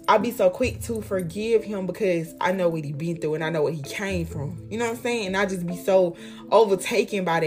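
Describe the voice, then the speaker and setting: A young woman giving life advice in a casual motivational monologue, heartfelt and emphatic, repeating lines for effect, with slangy, profane talk. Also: lowish voice.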